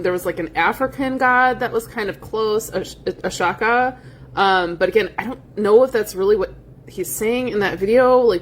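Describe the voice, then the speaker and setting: Woman ranting in a clip, blunt, swears a lot, medium pitch. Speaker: video clip commentator. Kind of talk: profane reaction rant.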